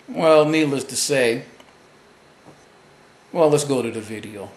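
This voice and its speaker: A man's voice: medium pitch, takes it slowly. A man hosting his own show, commenting on a radio clip in a boastful, taunting way. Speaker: public-access show host. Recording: roomy echo.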